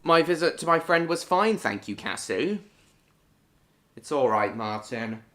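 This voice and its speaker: Slow-talking British man streaming live. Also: a little high, animated, fairly bright tone. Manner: greets viewers by name and answers chat in short bursts. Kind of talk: casual live-stream chat reading viewer comments.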